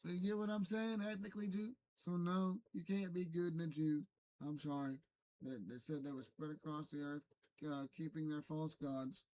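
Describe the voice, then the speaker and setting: Solo streamer, male, fairly high voice, rambling and argumentative, restarts his sentences. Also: fairly even intonation, normal speed, a little mellow. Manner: rambling, self-correcting, argumentative. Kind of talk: unscripted solo rant to camera.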